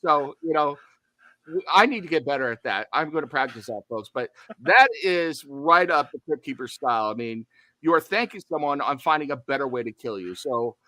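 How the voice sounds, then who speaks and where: A man's voice: mid-range voice, animated, a little fast, pushed and bright, no room sound. A man co-hosting a horror movie podcast, chatting casually with jokey, self-deprecating asides. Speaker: podcast co-host.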